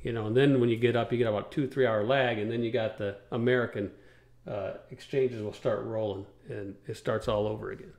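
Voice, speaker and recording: A man's voice: lowish voice, fairly even intonation, brisk, gravelly, a little mellow, roomy sound. A man hosting a trucking talk show, rambling in a folksy way and walking listeners through charts step by step. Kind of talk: casual radio talk show chat.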